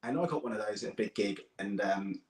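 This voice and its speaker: A man's voice: lowish voice, quick pace. British man, guest comedian, rambling casual chat, echoey room sound. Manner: rambling, relaxed, tags with "right?".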